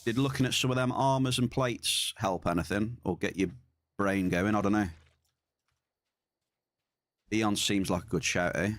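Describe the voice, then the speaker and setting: Male streamer, lowish voice, dry close mic, relaxed banter. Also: normal speed, pauses often, no room sound. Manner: chatty, reads and answers chat. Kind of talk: casual gaming stream chat.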